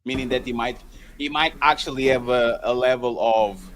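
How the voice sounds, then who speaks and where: A man's voice: mid-range voice, fairly even intonation, normal speed, fairly bright tone, a little hiss or hum. A man with a New York accent hosting a casual panel podcast, asking loose, rambling questions full of restarts. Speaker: podcast host. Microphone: streamed podcast mic.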